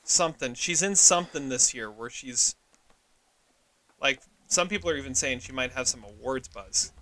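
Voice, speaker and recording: Bright-voiced animated podcast host. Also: male voice, medium pitch, normal speed, a little hiss or hum. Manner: animated, eager, laughs often. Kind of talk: casual movie chat.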